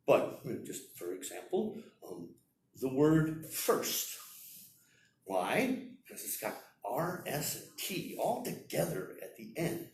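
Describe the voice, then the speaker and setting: A man teaching English at a seminar, lecturing slowly and demonstrating example sentences aloud. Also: medium pitch, huge pitch swings, darkish tone, a little hiss or hum. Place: seminar room. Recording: roomy echo, heard from far off.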